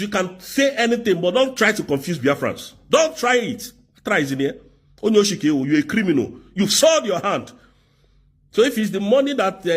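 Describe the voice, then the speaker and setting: A man's voice: sits high, slightly rough. A man ranting angrily in commentary, hurling insults and rebukes. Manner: insulting, shouting rebukes, swearing. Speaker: political commentator.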